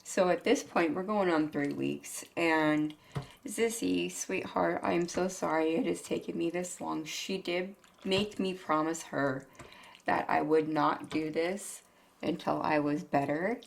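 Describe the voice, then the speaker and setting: A woman's voice: low-pitched, vocal fry. A woman cooking on her video channel, chatting casually while sick, blunt and laughing often between cuss words. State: sick, rough-voiced. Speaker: cooking vlogger.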